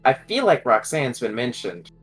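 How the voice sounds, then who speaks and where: A man's voice: mid-range voice, very animated, normal speed, breathy edge, soft background music, poor audio. A man taking part as a player in a tabletop game, hesitant and thinking aloud. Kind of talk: casual tabletop play.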